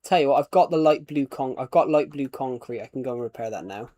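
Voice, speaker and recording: A man's voice: medium pitch, fast, dark tone. Rambling man streaming a game. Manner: rambling, chuckling at his own jokes. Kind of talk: casual gameplay chat.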